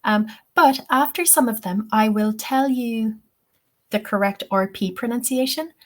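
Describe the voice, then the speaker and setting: A woman's voice: a little high, unhurried. A young woman with an Irish accent teaching a webinar lesson, explaining step by step and often checking in with "okay?". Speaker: TEFL teacher.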